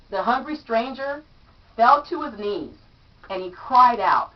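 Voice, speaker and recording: A woman reads a children's story aloud, slow and unhurried, her voice rising and falling in a lively, sing-song way as she acts out each line. She sounds a little high for a woman. The recording is dull and lo-fi, caught from some distance off the mic. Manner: animated, acts out character lines. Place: home room among her statues.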